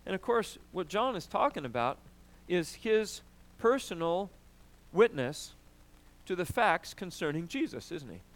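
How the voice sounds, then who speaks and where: Male pastor delivering a sermon; higher pitched and resonant, emphatic and conversational. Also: a little slow. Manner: animated, emphatic preaching with frequent "right?" and throat clearing.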